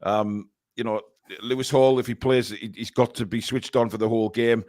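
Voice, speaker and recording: A man's voice: mid-range voice, steady tone, normal speed, darkish tone, dry recording, studio quality. A man in a middle register hosts a chatty football podcast. He talks bluntly and with strong opinions, and breaks off now and then to read viewers' messages aloud. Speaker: podcast host. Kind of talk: casual fan podcast chat.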